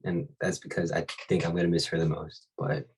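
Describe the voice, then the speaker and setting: A young man with a very deep, husky voice talks in a laid-back, easy way. He is from Hawaii and co-hosts a casual podcast chat, often laughing as he tells his stories. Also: little pitch movement, fairly quick, rough recording. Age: young adult. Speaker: podcast co-host.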